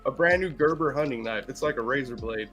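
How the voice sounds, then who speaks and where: A man telling a story in casual chat, animated and profane, laughing as he goes. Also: medium pitch, fast, faint music behind. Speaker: podcast co-host.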